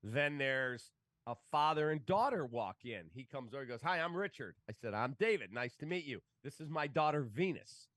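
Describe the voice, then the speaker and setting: A man's voice: mid-range voice, moderate pace, dry recording. A man, a sports broadcaster telling stories in casual talk and acting out the voices of the people in them. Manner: animated, acts out quoted voices. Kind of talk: casual storytelling.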